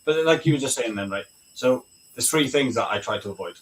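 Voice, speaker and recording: A British army veteran, appearing as a guest on a casual video call, speaks bluntly and candidly in a medium-pitched, lively voice at a fairly quick clip. He swears freely and often tacks on "right?" The mic sounds distant, with faint background noise.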